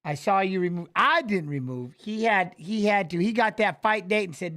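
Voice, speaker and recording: High-voiced chatty man hosting a livestream. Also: expressive, normal speed, bright, forceful tone. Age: 40s. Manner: rambling, chatty, greets viewers by name. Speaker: livestream host. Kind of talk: casual livestream chat.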